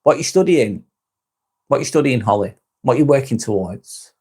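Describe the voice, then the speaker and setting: A British man hosting a live stream, chatting with viewers in a calm, relaxed, easygoing way. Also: medium pitch, normal speed, slightly rough. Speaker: live-stream host reading viewer comments. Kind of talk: casual live-stream chat.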